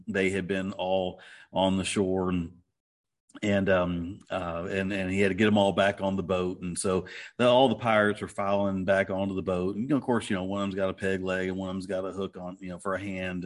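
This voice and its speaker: A man co-hosting a podcast in easygoing, rambling casual chat, often laughing. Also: deep voice. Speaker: podcast co-host.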